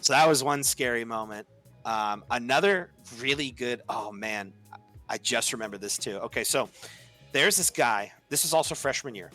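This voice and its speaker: Bright-voiced young man telling a story. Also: mid-range voice, normal speed, soft background music. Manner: chatty, heavy use of "like", acts out quoted lines. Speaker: podcast storyteller. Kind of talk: casual storytelling.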